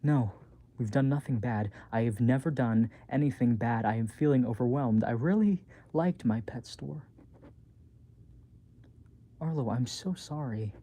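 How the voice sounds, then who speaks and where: A man reading his own book aloud as a bedtime story, softly and haltingly, with small slips. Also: medium pitch.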